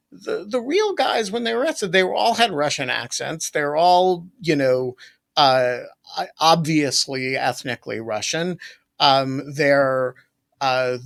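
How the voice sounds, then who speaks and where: Slow, gravelly-voiced male host. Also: mid-range voice, a bit bright. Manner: halting, thoughtful, with long ums. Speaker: podcast host. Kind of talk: casual conversational interview.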